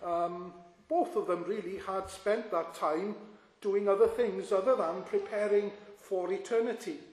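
A man preaching a sermon in an earnest, measured way, pausing with fillers. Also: high voice, a little mellow. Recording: echoey hall.

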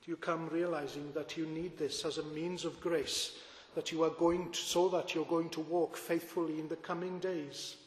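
A man's voice: a little high, level tone, moderate pace. A man preaching a sermon as pastor, earnest and full of rhetorical questions to his congregation. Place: church. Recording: echoey church with long reverb.

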